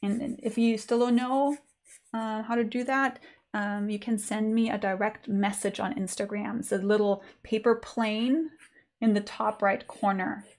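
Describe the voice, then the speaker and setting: A woman's voice: mid-range voice, flat delivery, measured pace, a little mellow. A woman teaching a live online sketching lesson in a chatty, informal way with many fillers. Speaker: art teacher.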